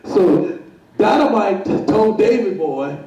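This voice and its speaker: A man's voice: sits high, animated, slow, mellow. A man telling a comic story on stage, chuckling, repeating himself and acting out the voices. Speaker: guest storyteller. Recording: very echoey room, voice far from mic.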